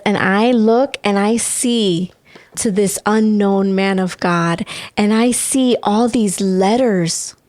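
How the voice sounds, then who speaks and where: A woman's voice: mid-range voice, darkish tone. A woman co-hosting a podcast, animatedly telling a personal story and acting out the voices of the people in it. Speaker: podcast co-host. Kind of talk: storytelling in casual chat.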